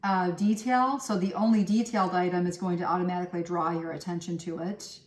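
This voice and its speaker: Relaxed teacher woman, roomy and distant. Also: lowish voice, fairly quick. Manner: relaxed, frequent ums and uhs, explains step by step. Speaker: art teacher. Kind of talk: recorded remote art lesson with demonstration. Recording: roomy echo, voice set back from the mic.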